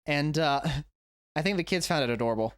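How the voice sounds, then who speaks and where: A man's voice: on the high side, animated, moderate pace, no room sound, clean studio sound. A man, an English teacher, talking through a reaction video at home in a rambling, self-correcting way. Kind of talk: casual reaction vlog. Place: indoors at home.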